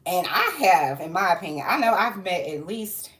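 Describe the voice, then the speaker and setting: A woman's voice: fairly low pitch, big pitch swings, normal speed, fairly bright tone. Chatty woman vlogging in an echoey room. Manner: rambling, chatty, jumps between asides. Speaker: social worker and vlogger. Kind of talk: casual chat.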